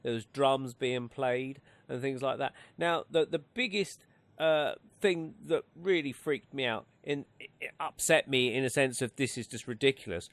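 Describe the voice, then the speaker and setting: A man's voice: mid-range voice, normal speed, fairly bright tone, dry recording. A man hosting a radio talk show, rambling and hesitant with many restarts. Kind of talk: casual radio chat. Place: radio studio.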